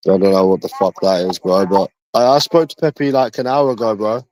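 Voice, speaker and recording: A man's voice: deep voice, steady tone, normal speed, darkish tone, a little hiss or hum. A man with a London accent in rambling, casual livestream chat, crude and full of swearing.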